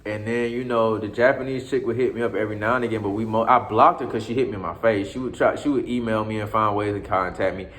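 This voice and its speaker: A man's voice: fairly low pitch, steady tone, quick pace, few pauses, fairly bright tone. A man casually telling a long story, in loose slangy talk full of cursing, restarts and asides to his listener. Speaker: storyteller recounting his time abroad.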